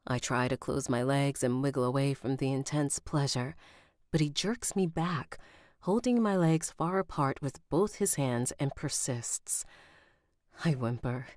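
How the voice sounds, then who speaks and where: A woman's voice: low-pitched, a little mellow, no echo, studio quality. A woman recording an audiobook on a live stream, rereading lines and stopping to comment and laugh at herself. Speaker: audiobook narrator.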